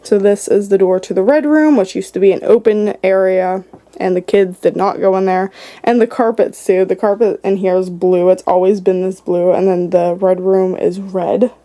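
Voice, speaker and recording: A woman's voice: mid-range voice, fairly even intonation, moderate pace, dark tone. A young woman giving a casual house-tour vlog, chatty and filling her talk with "like". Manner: chatty, says "like" constantly. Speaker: paranormal vlogger. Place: indoors in a house.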